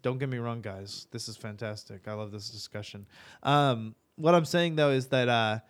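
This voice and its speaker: A man's voice: mid-range voice, moderate pace. A man hosting a casual gaming podcast. He rambles, restarts his sentences and laughs often.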